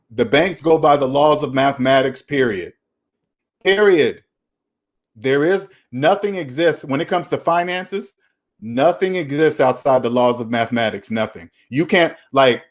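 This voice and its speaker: Emphatic man lecturing on money. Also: fairly high pitch. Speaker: finance channel host. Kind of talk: casual opinionated talk.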